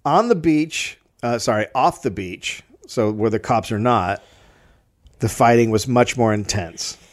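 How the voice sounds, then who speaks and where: A man hosting a comedy podcast, telling a history story from notes with wry asides and the odd stumble. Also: medium pitch.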